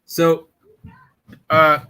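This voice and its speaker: A man hosting a casual interview, talking in a slow, halting way with restarts. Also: a little high, monotone, pushed and bright, clean tone. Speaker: host.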